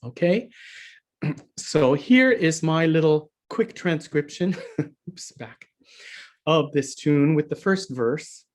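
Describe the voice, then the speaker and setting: A man's voice: on the high side, lively intonation, slow, pauses often. Chatty man teaching harp online. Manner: chatty, laughs often, self-correcting. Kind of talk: online workshop lesson. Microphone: video call.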